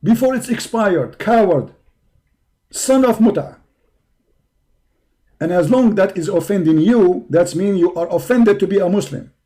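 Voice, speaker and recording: Hoarse, taunting male streamer. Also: sits high, lively intonation, unhurried, pauses often, warm tone. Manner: taunting, mocking, confrontational. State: hoarse from hours of talking. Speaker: live-stream host. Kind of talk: combative live-stream rant.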